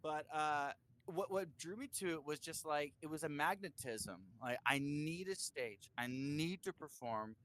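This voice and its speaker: A man's voice: a little high, a little slow. A man, a musician guest, telling stories in a casual interview, swearing freely and acting out other people's lines. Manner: animated storyteller, swears, acts out voices with lots of "like".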